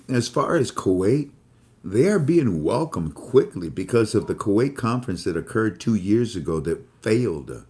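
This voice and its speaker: Rambling man with a low voice. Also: a little mellow. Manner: rambling, repetitive, many fillers. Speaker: host. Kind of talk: casual commentary.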